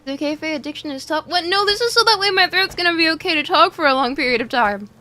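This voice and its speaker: Bright, high-voiced woman streamer. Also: expressive, quick pace, faint music behind. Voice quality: slightly muffled from a cough drop in her mouth. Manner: chatty, greets chat over and over. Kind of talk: casual live-stream chat while gaming.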